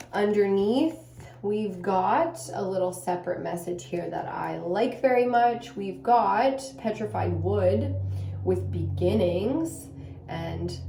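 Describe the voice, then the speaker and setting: A woman's voice: on the low side, mellow, roomy sound, slight background noise. A young Canadian woman giving a casual tarot reading, rambling loosely and swearing freely. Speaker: tarot reader.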